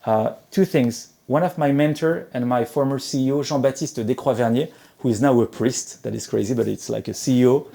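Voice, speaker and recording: A man's voice: mid-range voice, a little fast, gravelly, mellow. A middle-aged man gives a motivational conference talk, often stumbling and repeating words as he goes. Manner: hesitant, many repeated words and restarts. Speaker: conference speaker.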